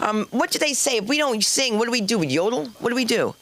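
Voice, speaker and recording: A woman's voice: on the high side, lively intonation, fast, fairly bright tone. A woman hosting a stand-up comedy night, chatty and teasing the audience. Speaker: comedy show host. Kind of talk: stand-up crowd work. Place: comedy club stage.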